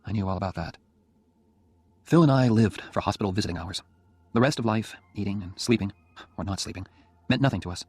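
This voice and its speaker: A man narrating an audiobook in the first person, in a quiet and subdued way. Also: lowish voice, brisk, pauses often, slightly rough, dry recording.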